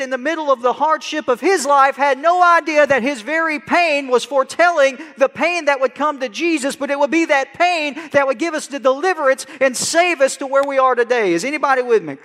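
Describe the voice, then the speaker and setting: A middle-aged pastor preaches from the pulpit with a high, bright, forceful voice. He leans into dramatic cries of scripture. Long reverb from the church sanctuary hangs behind him. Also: fairly quick, few pauses. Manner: animated preaching, crying out verses dramatically. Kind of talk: sermon.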